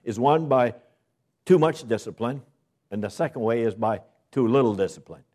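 A male pastor preaching a sermon to his congregation, with dramatic pauses and emphatic rises on key words. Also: mid-range voice, lively intonation, darkish tone. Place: church.

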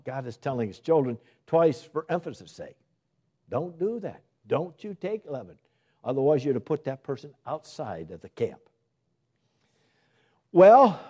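A man's voice: on the high side, warm tone, breathy edge. A man preaching a sermon, putting questions to the congregation, answering them himself and repeating his exhortations with urgency.

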